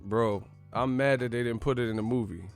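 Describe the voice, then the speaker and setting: A man hosting a boxing channel in casual, playful banter full of slang, often breaking into loud yelled movie catchphrases. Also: mid-range voice, steady tone, a little fast, creaky, soft background music.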